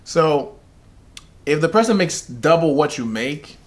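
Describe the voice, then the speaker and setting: A man's voice: fairly high pitch, expressive, measured pace. A man co-hosting a casual podcast, laying out his views in a laid-back, step-by-step way. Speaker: podcast co-host. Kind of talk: casual discussion.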